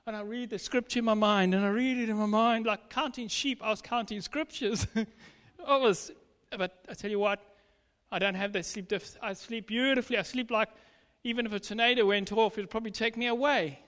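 A man's voice: high-pitched, steady tone, brisk, fairly bright tone, long reverb tail. A man preaching a sermon, giving an emphatic personal testimony and acting out bits of dialogue.

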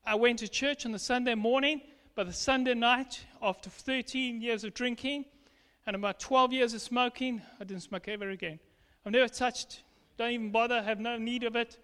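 High-voiced man preaching in a reverberant hall. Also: fairly even intonation, normal speed, a bit bright. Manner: emphatic testimony, acting out quoted dialogue. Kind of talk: sermon.

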